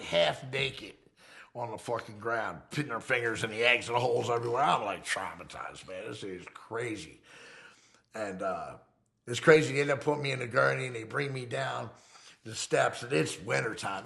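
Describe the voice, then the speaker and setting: A middle-aged man, telling his story in an interview in a profane, animated way. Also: medium pitch, gravelly.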